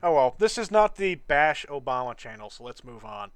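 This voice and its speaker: A man's voice: mid-range voice, big pitch swings, smooth, no room sound. A man co-hosting a casual talk show over a call, blunt and sarcastic. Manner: blunt, sarcastic, quick to laugh.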